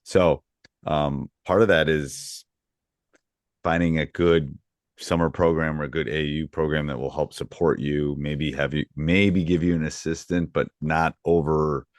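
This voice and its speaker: A middle-aged man hosts a basketball coaching podcast in a very low, deep voice. He talks loosely, circling back with ums and restarts. The sound is dry and close. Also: unhurried, dry recording. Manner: relaxed, rambling, many ums and restarts. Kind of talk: casual podcast chat with ad reads.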